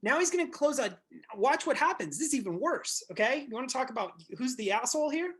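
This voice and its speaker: A man coaching a group of real estate agents over a video call, blunt and animated, swearing and acting out little scenes. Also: extremely high pitch, fast.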